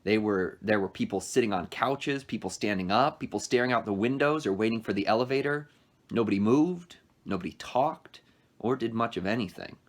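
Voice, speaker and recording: A male teacher reading a novel aloud to his class at a brisk storytelling pace, adding short asides. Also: fairly low pitch.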